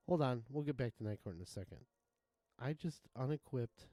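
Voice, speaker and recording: A male game streamer chatting loosely into a desk mic from his home setup. He rambles, swears freely and keeps breaking into chuckles. His pitch sits in a plain middle range. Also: animated, brisk, mellow, no echo, soft background music. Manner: rambling, profane, chuckling often. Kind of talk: casual live-stream chat.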